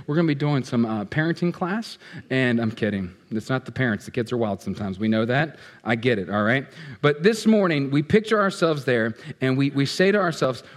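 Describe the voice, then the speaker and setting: A man preaching a sermon as pastor, talking directly and playfully to his congregation. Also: mid-range voice. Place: church sanctuary. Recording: echoey hall.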